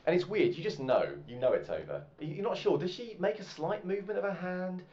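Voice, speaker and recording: A man narrating a tabletop game as game master in a relaxed, rambling way. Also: high voice, brisk. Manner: relaxed, rambling with many fillers. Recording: muffled, with faint music.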